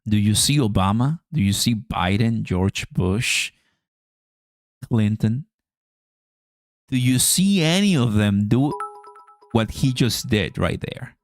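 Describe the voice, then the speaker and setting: Low gravelly man hosting a casual livestream. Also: lively intonation, slow, long pauses, no room sound, soft background music. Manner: chatty, slangy, laughs often. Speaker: crypto livestream host.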